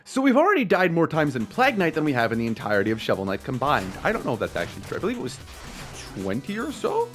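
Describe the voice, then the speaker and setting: Brief: excitable young gamer narrating his playthrough, jokey and loose, voice leaping all over, soft game music behind. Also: medium pitch, racing, hardly any pauses. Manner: excitable, rambling, laughing, swearing. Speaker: let's play host. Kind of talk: casual gameplay commentary. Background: faint game music.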